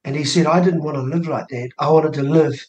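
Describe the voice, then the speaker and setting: A man's voice: a little high, a little fast, lo-fi sound, slight background noise. A New man in his sixties, a guest telling a family story on a radio show, acting out the voices of people he quotes. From New Zealand. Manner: animated storyteller who acts out quoted dialogue. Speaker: guest, election candidate. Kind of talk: casual storytelling interview. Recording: echoey room.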